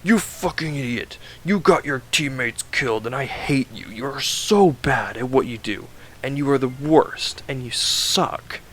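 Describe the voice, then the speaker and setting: A man's voice: medium pitch, level tone, unhurried, a bit bright, natural voice. A man voicing an arrogant, bossy male mentor who sounds smug and demanding.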